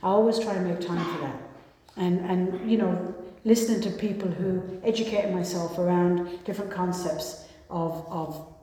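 A woman's voice: fairly low pitch, steady tone, moderate pace, hardly any pauses, warm tone. A woman giving a rambling, self-mocking personal talk about recovery to an audience, with many restarts. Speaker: recovery meeting speaker. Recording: echoey hall.

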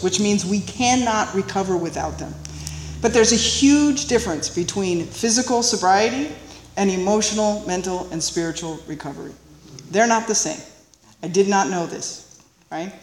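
Woman telling her story in an echoing hall. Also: medium pitch. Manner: animated, confiding, laughs often, asks "right?". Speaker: speaker sharing a recovery story. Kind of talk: storytelling talk to an audience. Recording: roomy hall reverb, faint noise.

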